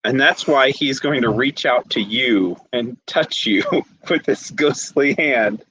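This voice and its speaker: A man's voice: medium pitch, slow pace, bright, forceful tone, breathy edge, no echo, poor audio. A man running a tabletop game as game master, narrating the scene and tallying dice rolls aloud, joking and laughing often.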